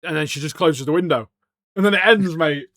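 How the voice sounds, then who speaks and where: A man's voice: fairly high pitch, a little fast, fairly bright tone. A young man, co-hosting a podcast in casual chat, laddish and calling everyone mate. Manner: laddish, swears, says "mate" a lot. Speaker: podcast co-host.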